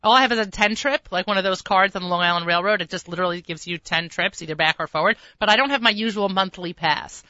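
A female radio host chats casually, rambling through stories with lots of quick asides. Her fairly low voice is bright and forceful. The studio recording is dry with no room sound and a slightly muffled top end.

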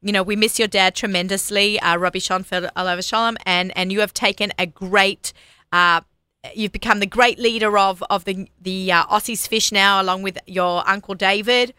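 A chatty woman radio host with a bright, forceful voice, bubbly and quick to laugh. Her voice sits close and dry, with no room around it. She runs a casual on-air interview. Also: mid-range voice, steady tone, clear, resonant tone, no echo.

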